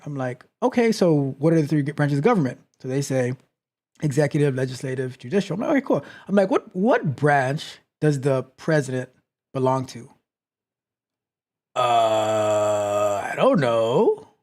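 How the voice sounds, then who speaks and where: A man hosts a live stream, chatting casually and telling stories. His voice sits a little high for a man and swings widely in pitch. He tends to repeat phrases for emphasis. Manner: animated storytelling, repeats phrases. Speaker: host. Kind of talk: casual livestream talk.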